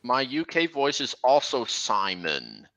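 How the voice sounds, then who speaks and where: A young man hosts a casual livestream chat, speaking slowly and breaking off to restart his sentences. His voice has a bright, tense edge. He speaks at a middle pitch. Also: huge pitch swings, rough recording. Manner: halting, with frequent restarts. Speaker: livestream host.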